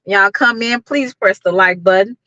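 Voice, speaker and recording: A woman's voice: medium pitch, moderate pace, sharp tone, no room sound, muffled recording. A middle-aged woman hosting a casual livestream, greeting viewers by name and talking with lots of fillers. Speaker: YouTube livestream host.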